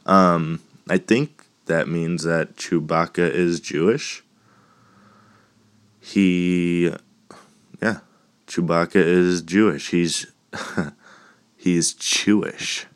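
Slow deep-voiced man rambling jokingly. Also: fairly even intonation, clean tone. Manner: joking, rambling, laughs at own puns. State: lingering cough. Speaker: podcast host. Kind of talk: casual solo podcast chat.

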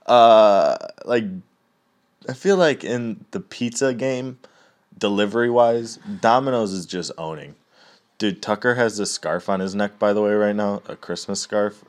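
A man's voice: lowish voice, measured pace. A young man in a casual, rambling rant, swearing often and laughing at his own stories.

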